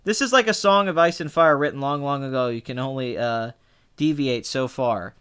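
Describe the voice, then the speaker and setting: A young man casually chatting as a film review podcast co-host, animated and quick to act out what people said. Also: clear, resonant tone. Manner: animated, mimics people in high excited bursts. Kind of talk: casual chat.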